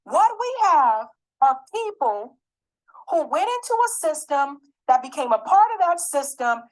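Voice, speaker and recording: A woman's voice: sits high, sing-song, unhurried. A woman giving an angry, emphatic political commentary, swearing and repeating her points.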